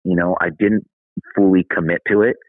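A man's voice: deep voice, steady tone, a little fast, no echo. A man telling a story as a podcast guest in a candid, conversational way. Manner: candid, conversational, says "dude". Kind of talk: casual storytelling. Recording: thin phone-like line.

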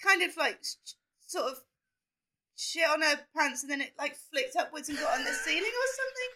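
Animated, giggly woman. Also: high voice, a little fast, crowd noise. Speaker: podcast co-host. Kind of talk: casual banter.

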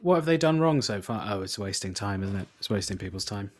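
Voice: deep voice, lively intonation, a little hiss or hum. Co-host, dry teasing reactions, casual banter. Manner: wry, teasing listener with quick reactions. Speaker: podcast co-host. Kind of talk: casual chat.

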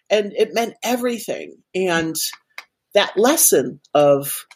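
A woman's voice: on the low side, animated, takes it slowly, a little mellow, a little hiss or hum. A woman guest in an interview, telling a personal story animatedly with many fillers. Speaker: guest, organization president.

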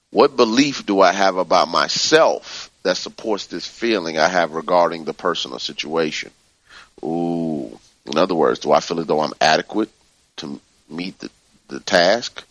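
A man leading a spiritual book study, reading passages and explaining them slowly and calmly, often repeating soothing phrases. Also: low voice, no echo.

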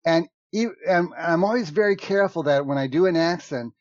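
Man, fairly high voice, animated improv guest, laughs a lot, dry muffled recording. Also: a little fast, no echo. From United States. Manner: animated, laughs often, restarts sentences. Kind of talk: casual conversation. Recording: dull, dry lo-fi sound.

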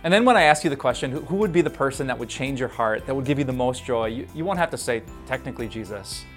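A man at mid pitch delivers a devotional message in an easy, conversational way. He piles up emphatic lists and chuckles as he goes. Soft music plays faintly underneath. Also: animated, fast. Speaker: pastor. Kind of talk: devotional sermon.

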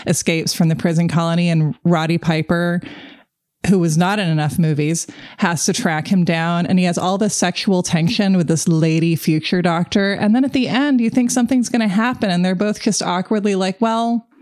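Wry, low-voiced female podcast host. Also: moderate pace, darkish tone, dry recording, studio quality. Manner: wry, sarcastic storyteller. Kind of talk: casual podcast chat.

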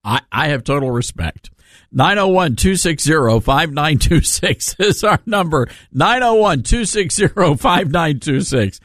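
A man hosting a talk radio show and mocking his subject with a sarcastic edge. His voice sits a little high and sounds close and dry in the studio. He keeps slipping into chuckles between halting fillers. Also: lively intonation, a bit bright, no room sound.

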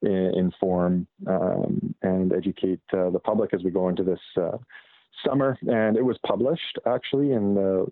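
A man from Canada, a guest wildlife expert in a casual phone interview, speaking in a measured way with many fillers and restarts. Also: deep voice, steady tone, no echo. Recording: tinny phone line.

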